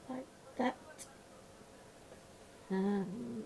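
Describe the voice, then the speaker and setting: A woman chatting casually while she colours at a desk at home, rambling and mumbling quietly to herself, a little blocked up with her voice going gruff. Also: mid-range voice, measured pace, a crowd in the background, rough recording. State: slightly congested, voice going gruff. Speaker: colouring channel host. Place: small room at home.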